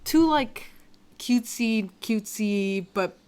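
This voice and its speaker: A woman from Pennsylvania, a podcast guest in casual chat, animated and quick to laugh, often searching for words. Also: medium pitch, clean tone.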